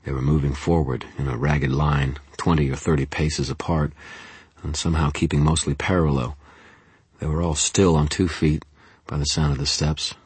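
A man narrates an audiobook in the first person, keeping a tense, steady pull through the story. His voice is extremely deep and husky. It is recorded on a close studio mic with a completely dry sound. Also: moderate pace, no room sound.

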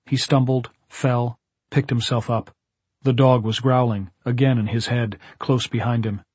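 A male audiobook narrator with a husky, slightly breathy voice reads in a measured, dramatic way. The recording is close and dry, with no room sound. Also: mid-range voice, steady tone, a little mellow, dry recording. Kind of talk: scripted narration.

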